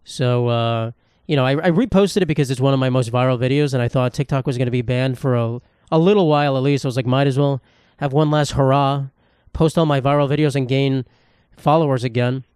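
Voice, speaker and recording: A man's voice: mid-range voice, steady tone, brisk, a little mellow, smooth, no room sound, clean studio sound. A young man in his twenties with a New Jersey accent, hosting a casual solo podcast, rambling and swearing as he mocks himself. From United States. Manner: rambling, profane, self-mocking. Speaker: podcast host.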